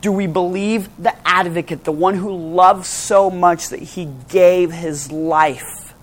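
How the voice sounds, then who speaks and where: A preacher in full sermon mode, shifting from brisk retelling to hushed, slowed emphasis on key phrases. The delivery leans on rhetorical questions put to the listeners. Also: mid-range voice, steady tone. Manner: asks the audience rhetorical questions.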